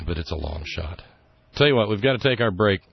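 A man's voice: lowish voice, expressive, moderate pace, gravelly, slightly rough, highs cut off. A man hosting a political talk radio show, indignant and sarcastic, rambling through his points with fillers.

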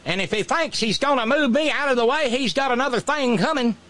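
A man voicing a defiant, folksy older woman governor in a high, strained mock falsetto, boastful in manner. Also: brisk, a bit bright.

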